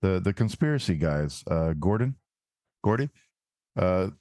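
A man with a very deep voice, recorded close and dry. He hosts a laid-back chat and asks curious questions. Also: lively intonation, a little slow, darkish tone, no echo. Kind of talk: casual conversation.

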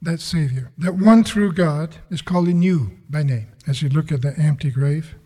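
A man's voice: a little high, normal speed, warm tone. A man preaching a sermon with impassioned, repeated rhetorical questions. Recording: long reverb of a large hall.

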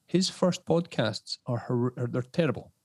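A man in casual interview chat, an animated storyteller who jumps into high voices when quoting others. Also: moderate pace, no echo. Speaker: podcast guest.

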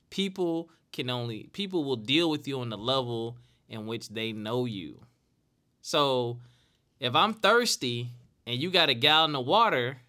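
Earnest man with a bright voice. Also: mid-range voice. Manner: earnest, repeats phrases for emphasis. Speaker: podcast host. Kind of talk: casual solo talk.

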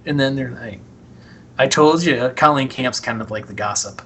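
A man's voice: medium pitch, sing-song, brisk, fairly bright tone. A man co-hosting a podcast, casually recapping a movie and acting out lines from its scenes. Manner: rambling, retells scenes in quoted voices. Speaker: podcast co-host.

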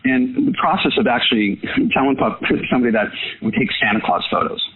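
A man's voice: mid-range voice, sing-song, fairly quick, slight background noise. A man talking casually and with enthusiasm as an interview guest, using lots of fillers and repeating himself. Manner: enthusiastic, repetitive, many fillers. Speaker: guest, photo business owner. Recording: tinny phone-line sound.

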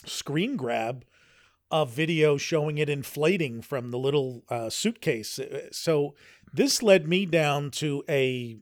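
A man's voice: medium pitch, dry recording, clean studio sound. A man co-hosting a podcast in casual chat, rambling with frequent restarts. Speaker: podcast co-host.

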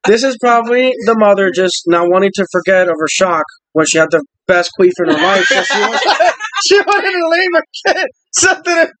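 A woman's voice: mid-range voice, big pitch swings, fairly quick, heavy background noise. A woman co-hosting a casual chat, drawling and swearing between bursts of laughter.

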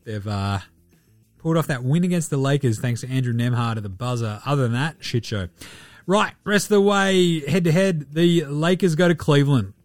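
A man's voice: a little high, lively intonation, normal speed, no echo, soft background music. A man hosting a sports podcast, running through betting picks in casual, profane, slang-heavy banter.

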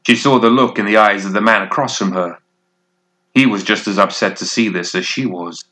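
A man narrating a dark fantasy story in a measured, deliberate way. His voice sits low, yet the tone is bright and forceful. He lingers on key phrases. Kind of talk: scripted fiction narration.

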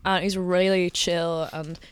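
A woman's voice: lowish voice, level tone, slow pace, clean tone. A woman co-hosting a podcast, telling anecdotes with frequent giggles. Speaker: podcast co-host. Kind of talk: casual chat.

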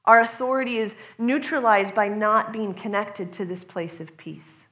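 A woman's voice: mid-range voice, moderate pace, a bit bright, dull audio. A woman preaching a sermon in an earnest, conversational way, sometimes acting out the voices of the people she quotes.

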